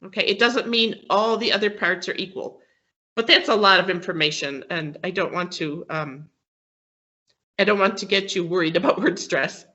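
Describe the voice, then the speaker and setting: A woman's voice: lowish voice, normal speed, sharp tone, highs cut off. A woman teaching an English class, explaining patiently with many fillers and frequent checks for understanding. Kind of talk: classroom lesson on word stress.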